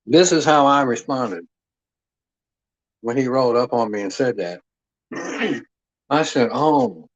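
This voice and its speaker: A man's voice: medium pitch, animated, a little slow, long pauses, lo-fi sound. A man hosting a livestream, telling stories to his chat in a profane, rambling, streetwise way. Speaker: livestream host. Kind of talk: casual livestream storytelling.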